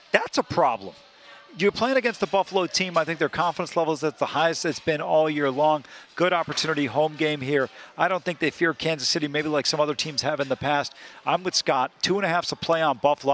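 A man's voice: on the high side, fairly bright tone, slight background noise. A man co-hosting a sports betting show who makes his case emphatically and with confidence. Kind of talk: casual sports radio talk.

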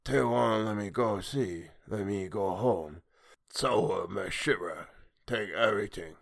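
A man voicing a hulking male fish-man sea ghost that speaks slowly in broken, lisping words, menacing and cold. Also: on the low side, creaky, no echo, clean studio sound. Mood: cold anger. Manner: slow, broken speech with a lisp.

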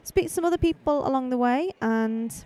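A high-voiced woman hosts a live podcast while strolling between outdoor stalls. She talks into a handheld mic in a chatty, rambling way and keeps throwing in friendly asides. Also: a little fast, warm tone. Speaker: podcast host. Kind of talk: casual live walkabout podcast. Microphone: handheld microphone.

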